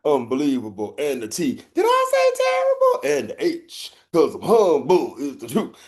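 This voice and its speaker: A man's voice: on the high side, huge pitch swings, normal speed. A man putting on a goofy, boastful male prank-call rapper with a sing-song delivery.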